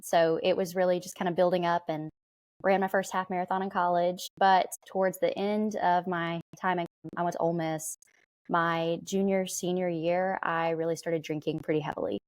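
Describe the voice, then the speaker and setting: A woman's voice: on the low side, level tone, normal speed, no room sound. A young adult woman from southern Alabama with a Southern twang, telling her story candidly as a podcast guest. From southern Alabama, USA. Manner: candid storytelling, light laughs. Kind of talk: conversational interview.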